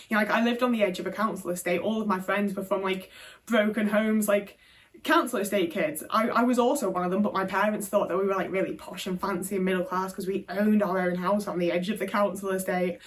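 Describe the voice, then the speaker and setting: A woman's voice: mid-range voice, fairly even intonation, quick pace. British woman venting about her childhood, swears a lot, says like constantly, mic a bit far off. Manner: frank, swears freely, heavy "like" fillers. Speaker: video creator. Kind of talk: candid personal storytelling to camera.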